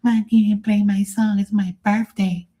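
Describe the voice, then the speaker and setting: A man putting on a yelling drunk partygoer. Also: sits high, little pitch movement, moderate pace, voice pushed up. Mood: angry. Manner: shouting, abusive. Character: belligerent drunk man yelling for his song.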